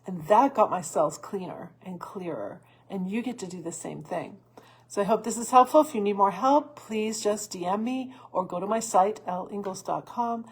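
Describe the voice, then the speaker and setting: Husky woman coaching on stress. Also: mid-range voice, animated, normal speed. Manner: earnest, coaching, with restarts and soft laughs. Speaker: stress coach and podcast host. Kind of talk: solo advice talk.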